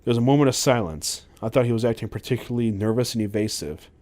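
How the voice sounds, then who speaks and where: A man's voice: medium pitch, fast, a little mellow. Man reading a memoir aloud, stumbling. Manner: reads with frequent stumbles and self-corrections. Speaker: podcast host.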